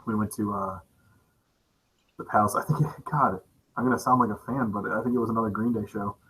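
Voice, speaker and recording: A man telling a concert story in casual chat, relaxed, with many "uh" fillers. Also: on the low side, a little fast, noisy background.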